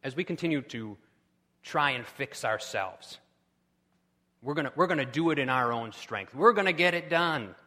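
A man preaching a sermon with impassioned delivery, rising to loud pleading cries. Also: medium pitch, animated, normal speed, long reverb tail. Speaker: pastor.

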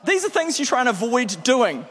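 A man with a New Zealand accent preaching a sermon as a lively, self-deprecating storyteller. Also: very high voice, brisk. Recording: long hall reverb.

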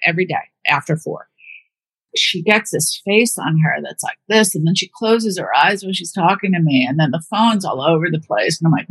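A woman with a slightly husky voice tells stories about caring for her mother in a loose, conversational way. She acts out the voices of the people she quotes, and the recording is close and dry. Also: fairly low pitch, animated, moderate pace, fairly bright tone, no echo. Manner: chatty storytelling, acting out quoted voices. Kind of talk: casual conversation.

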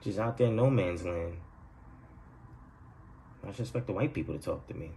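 A man's voice: low voice, normal speed, creaky, warm tone, slight background noise. A man hosting his own podcast, talking in a loose, profane, rambling monologue and laughing at his own jokes, recorded at home. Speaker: podcast host. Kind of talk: casual solo monologue.

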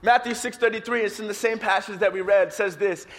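A man preaching a sermon as pastor, lively and playful with his congregation. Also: high voice, fairly quick, a little hiss or hum. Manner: energetic, playful preaching, leads congregation in song.

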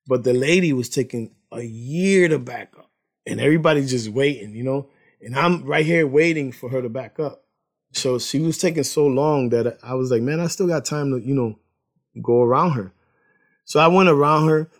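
A man casually sharing a personal faith testimony, rambling, repeating words and laughing as he tells it. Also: medium pitch.

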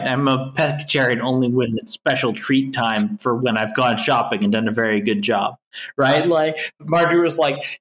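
A man's voice: medium pitch, animated, moderate pace, fairly bright tone. A man co-hosting a podcast in casual chat. He is a bit tipsy and rambles, swearing freely and laughing often. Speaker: podcast co-host.

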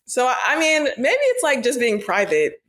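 A woman's voice: fairly high pitch, wildly swooping pitch, moderate pace, fairly bright tone. Young woman, early twenties, earnest and emotional, casual chatty delivery. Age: young adult. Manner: emotional, earnest, many "like" fillers. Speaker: podcast guest, daughter. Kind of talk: casual family podcast chat.

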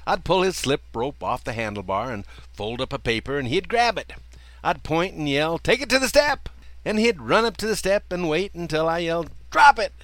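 A man's voice: moderate pace, no echo. An older man telling a personal childhood story in a folksy way, chuckling often as he talks. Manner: folksy, chuckling often, lively swings in pitch.

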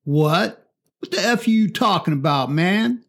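A man voicing a hostile, defiant large teenage boy who talks tough and scornful, in a fairly high voice. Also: animated, measured pace, exaggerated voice. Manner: scornful, tough street talk.

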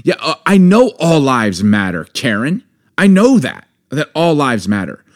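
A man's voice: mid-range voice, very animated, unhurried. A man in his forties co-hosting a podcast, talking candidly and emphatically, building up heat as he argues his point. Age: 40s. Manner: impassioned, emphatic, builds to anger. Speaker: podcast co-host. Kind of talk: candid conversation.

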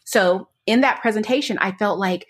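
A woman's voice: medium pitch, normal speed, husky. A woman co-hosting a podcast in casual chat, talking eagerly and rambling with lots of fillers. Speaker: podcast co-host.

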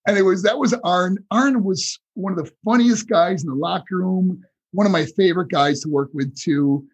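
Husky high-voiced man telling stories. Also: moderate pace, low-quality recording. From New York. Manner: animated storyteller with many fillers. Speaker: guest, former pro wrestler. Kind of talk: storytelling in a casual interview.

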